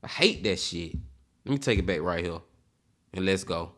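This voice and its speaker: A man's voice: sits low, animated, normal speed, a bit bright. A man hosting a reaction video, talking heatedly and cursing, calling his viewers y'all. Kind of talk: emotional reaction commentary.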